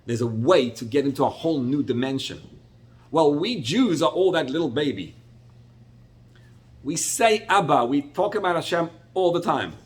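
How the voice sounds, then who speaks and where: A middle-aged rabbi speaks at a moderate pace while teaching Torah. His storytelling is animated and expressive, marked by abrupt rises in pitch.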